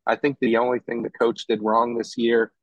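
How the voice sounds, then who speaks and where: A man's voice: medium pitch, completely flat delivery, moderate pace, dry recording, lo-fi sound. A man cohosting a podcast in casual chat, ribbing his cohost and telling stories. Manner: ribbing, storytelling. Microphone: travel mic, from an airport.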